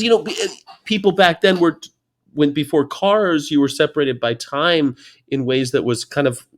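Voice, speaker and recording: An American man hosting a casual conversation, talking in a chatty, enthusiastic way and wandering from point to point. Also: mid-range voice. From United States. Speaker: host.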